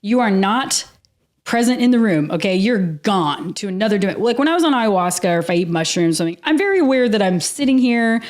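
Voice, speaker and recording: A woman guest on a podcast interview, telling a personal story in a lively, casual way, laughing often and swearing freely. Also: medium pitch, quick pace.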